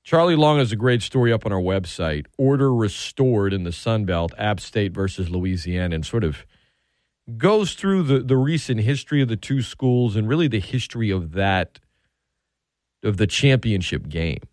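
A man's voice: on the low side, animated, normal speed, darkish tone, no room sound, clean studio sound. A man hosting a sports radio show, talking casually and chattily with frequent restarts and asides.

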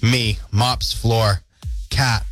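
A man's voice: medium pitch, drawn-out words, soft background music. A man hosting a morning radio show, telling stories with jokes and laughs in a casual studio banter. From Canada. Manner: jokey, animated storytelling with laughs.

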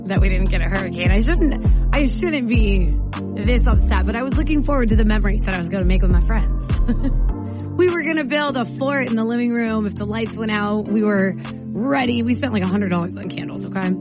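A woman's voice: mid-range voice, a little fast, over loud music. A woman hosting a morning radio show, chatting casually and laughing often between bits. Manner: chatty, laughs often, repeats phone number. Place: radio studio.

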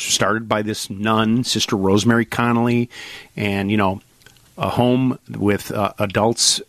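A middle-aged man hosting a casual talk show, telling a story with lively acted-out quotes. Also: on the low side, dry recording. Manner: animated storyteller, acts out quotes.

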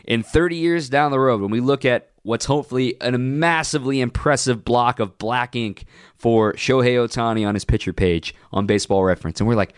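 A man hosting a sports radio show, ranting with opinionated, punchy emphasis and sudden jumps in pitch. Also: brisk, clear, resonant tone, no room sound, clean studio sound.

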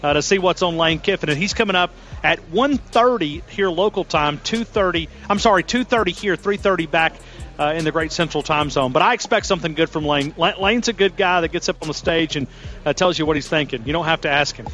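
A man's voice: fairly high pitch, brisk, a bit bright, faint music behind. A man calling into a sports radio show as a reporter, chatty and rambling with frequent restarts.

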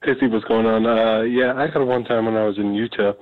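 A man's voice: fairly low pitch, fairly even intonation, brisk, no room sound. A man calling in to a radio show, telling a story plainly and steadily. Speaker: caller. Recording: tinny phone line.

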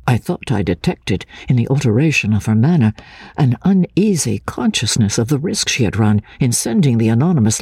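A man narrating an audiobook in the first person, earnest and expressive. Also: mid-range voice, breathy edge, no room sound.

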